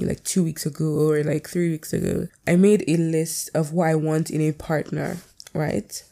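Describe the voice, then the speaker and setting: Fast-talking woman podcaster with gravelly fry. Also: deep voice, dark tone. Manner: fast, rambling, candid, swears freely. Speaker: podcast host. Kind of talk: casual solo podcast chat.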